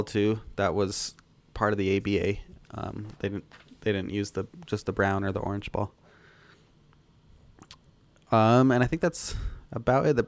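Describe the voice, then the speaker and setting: A man's voice: on the low side, clear, resonant tone, no room sound. A man co-hosting a movie podcast, laid-back and hesitant, with lots of ums. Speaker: podcast co-host. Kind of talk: casual movie chat.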